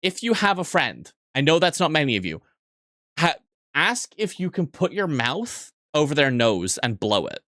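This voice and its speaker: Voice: mid-range voice, big pitch swings, normal speed, a bit bright, no echo, studio quality. Crude, joking livestream host. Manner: crude, joking, swears often; rambling, restarts sentences. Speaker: streamer. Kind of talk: casual livestream chat with viewers.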